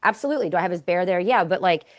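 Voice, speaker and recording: A woman's voice: fairly low pitch, racing. Chatty woman podcast host, candid. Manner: candid, chatty, trails off with fillers. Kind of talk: casual conversation.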